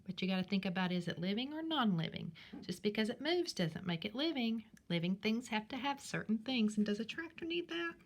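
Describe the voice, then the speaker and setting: A woman teacher speaking slowly and clearly in a sing-song way to young children in a recorded class, with her questions jumping high. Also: very animated. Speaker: primary school teacher. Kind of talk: recorded remote class lesson.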